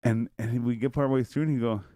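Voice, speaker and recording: A young man tells a long, animated story to his friends, swearing freely and sprinkling "yo" and "man" through every line. His pitch sits in a middle range for a man. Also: a little fast, no room sound, studio quality. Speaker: storyteller in group chat. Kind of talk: casual chat.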